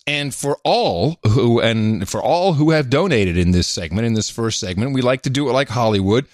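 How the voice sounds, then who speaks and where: A man co-hosting a podcast in casual chat, playful and quick to laugh. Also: mid-range voice, no room sound, studio quality. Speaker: podcast co-host.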